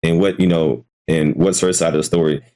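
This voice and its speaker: A man's voice: very deep voice, steady tone, a little fast, mellow. A man hosting a casual live commentary stream, hesitant and repeating himself, swearing freely as he reacts. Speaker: commentary channel host.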